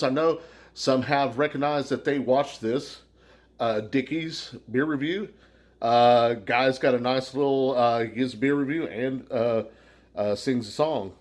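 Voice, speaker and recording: An American man chatting casually to his viewers in a loose, rambling way. He swears freely and fills his pauses with plenty of ums and uhs, and his voice sits at a mid pitch. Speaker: beer review vlogger. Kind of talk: casual shout-outs to viewers.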